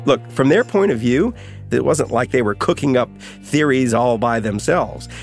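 A middle-aged man, an author being interviewed, telling anecdotes in a lively, casual way. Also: mid-range voice, moderate pace, creaky, soft background music. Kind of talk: storytelling interview.

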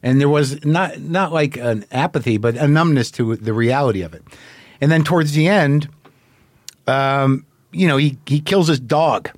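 Recorded with no echo, a podcast host with a slightly high voice runs a casual interview at a moderate pace. His talk wanders, he keeps restarting sentences, and he's profane.

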